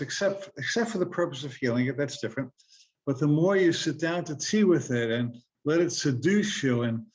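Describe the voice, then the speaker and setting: A man giving an earnest, conversational motivational talk, asking his listeners rhetorical questions. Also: fairly high pitch. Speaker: self-help speaker.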